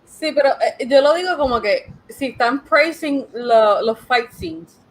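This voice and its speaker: A woman in a casual podcast chat, switching quickly between Spanish and English. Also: sits high, rough recording.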